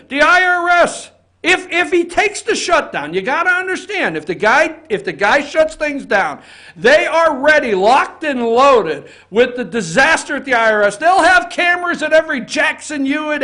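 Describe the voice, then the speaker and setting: A man's voice: very high-pitched, bright, forceful tone. A man hosting an opinion talk show from an office, ranting heatedly and swearing often.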